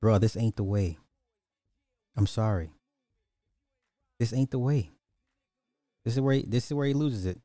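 A man's voice: medium pitch, unhurried, long pauses, a little hiss or hum. A man hosting a reaction video, talking casually with jokes and bursts of laughter. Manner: animated, joking, breaks into laughter.

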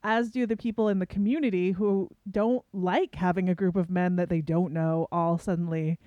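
A woman's voice: lowish voice, fairly even intonation, normal speed, no echo, muffled recording. Dry-voiced woman podcast co-host. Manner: chatty, talks through a story with fillers. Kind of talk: casual film review chat. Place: New York City studio.

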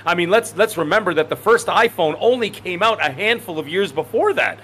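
A man in his forties talks with a bright, tense edge and a fairly high pitch, circling his points and restarting his sentences. Faint noise sits under his voice. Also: lively intonation, a little fast. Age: 40s. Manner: rambling, emphatic, self-correcting. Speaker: podcast co-host. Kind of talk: casual chat.

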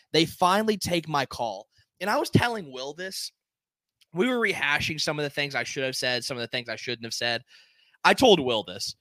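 A young man from Nashville co-hosts a casual podcast. He tells stories with lively swings in pitch, acting out his own shouting as he goes. The sound is dry and close, with no room around it. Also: dry recording. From Nashville, Tennessee. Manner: animated storytelling, acts out his own yelling. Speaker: podcast co-host. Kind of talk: casual chat.

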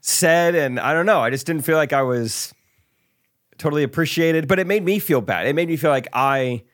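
A man's voice: a little high, moderate pace, no room sound, clean studio sound. A young man, a podcast co-host and stand-up comedian, telling stories in a casual chat and acting out voices from his shows. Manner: animated, acts out crowd voices.

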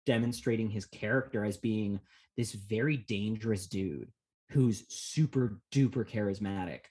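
A man's voice: lowish voice, moderate pace, a little mellow, breathy edge. A man co-hosting a podcast, talking through a film in a rambling, jokey way and swearing often. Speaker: podcast co-host. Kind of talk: casual film discussion.

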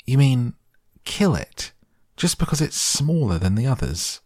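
A man's voice: low voice, moderate pace, husky, no echo, clean studio sound. A man voicing a passionate eight-year-old farm girl who pleads and protests indignantly. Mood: shrieking.

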